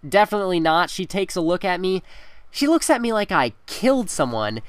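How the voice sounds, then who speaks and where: Here a teen boy narrates a school anecdote over gameplay in a chatty way, with plenty of laughs and fillers. He sounds high-pitched and animated, speaks fairly quickly, and the audio is dry.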